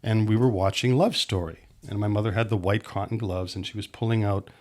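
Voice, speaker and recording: Low-voiced middle-aged man telling stories. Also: fairly even intonation, brisk. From Pennsylvania. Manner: rambling, restarts mid-sentence, acts out quotes. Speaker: filmmaker guest. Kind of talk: anecdotal storytelling in a podcast chat.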